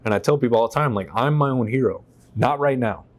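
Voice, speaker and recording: A man from the United States, a veteran guest, telling his story in an interview in an animated, profane way and acting out what people said. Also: medium pitch, fast talker. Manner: animated, profane, acts out quotes. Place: on a stage in a shop.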